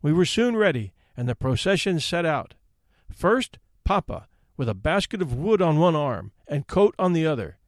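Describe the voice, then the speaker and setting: A man hosting a story podcast, reading a classic tale aloud with expressive narration. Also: a little high, moderate pace, no room sound, studio quality.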